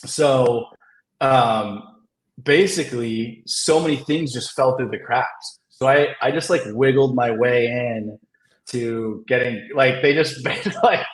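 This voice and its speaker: A man's voice: mid-range voice, takes it slowly. A man, a comic writer and guest, telling a story in a casual, rambling way, filling it with "like" and laughing often. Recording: roomy echo.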